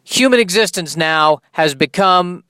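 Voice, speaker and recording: A man delivers a solo comedy monologue on his podcast, rambling and self-deprecating. His voice sits a little high for a man, and the recording is dry and close with almost no room sound. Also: lively intonation, unhurried, sharp tone, smooth, no room sound.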